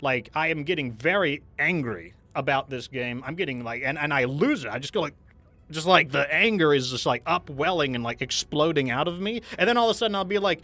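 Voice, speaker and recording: A man's voice: a little high, lively intonation, brisk, sharp tone. A man hosting a gaming stream, telling a candid story in a rambling, casual way with frequent restarts.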